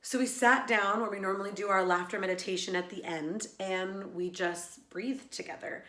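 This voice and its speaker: A woman's voice: mid-range voice, fairly even intonation, moderate pace, sharp tone. Earnest woman, laughter yoga teacher, vlog monologue, reflective, stop-start delivery, roomy echo. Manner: earnest, reflective, with many fillers and restarts.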